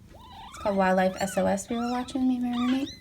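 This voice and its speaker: A young woman with a high voice chats in a warm, casual way as she fusses over a mother cat and her kittens at home. She switches between sweet baby talk for the cats and easy asides for her viewers. A faint hiss of room noise and soft purring sit behind her. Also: huge pitch swings, fast talker. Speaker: pet vlogger. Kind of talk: casual narration while handling kittens. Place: at home beside a cat bed.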